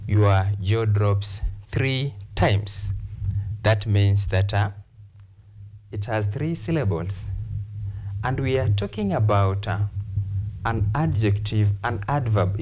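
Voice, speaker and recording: A man teaching an English lesson on word stress, explaining slowly and repeating key points for his class. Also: lowish voice, a little mellow. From Kenya. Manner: slow, repetitive, deliberate explanation.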